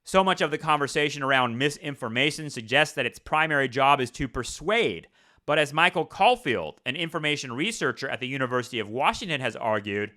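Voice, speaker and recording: A man's voice: mid-range voice, bright, forceful tone. A man hosting a podcast, reading news aloud and breaking off into sarcastic, profane asides. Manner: sarcastic, profane asides between read passages. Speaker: podcast host.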